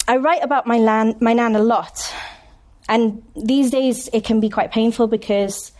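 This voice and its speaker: A woman from Wales, giving a conference talk as a poet, telling stories with wry humorous asides and slowing down to read poems deliberately. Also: a little high, steady tone, darkish tone. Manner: slows down and reads poems deliberately. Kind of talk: conference talk with poetry reading. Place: university conference room.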